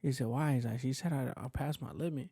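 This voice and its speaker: A man's voice: medium pitch, quick pace, gravelly, mellow, slightly rough, no room sound, studio quality. A man in casual podcast chat, rambling and profane, restarting his sentences as he tells a story. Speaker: podcast co-host.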